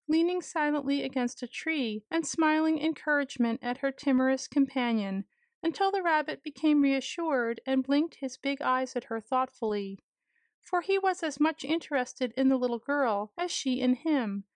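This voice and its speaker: High-voiced woman reading a children's story. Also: no room sound.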